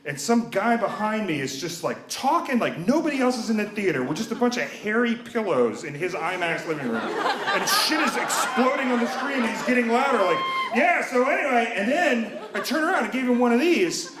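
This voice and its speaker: A man's voice: high voice, sing-song, fairly quick, echoey room, over a noisy crowd. A man in his thirties telling a personal story live, wry and self-mocking, acting out the voices of the people in it. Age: 30s.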